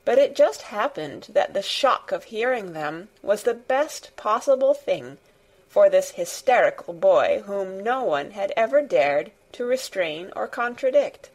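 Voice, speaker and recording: A woman narrating a classic children's storybook in a measured, deliberate way. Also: mid-range voice, big pitch swings, a little mellow. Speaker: reader. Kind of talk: audiobook narration.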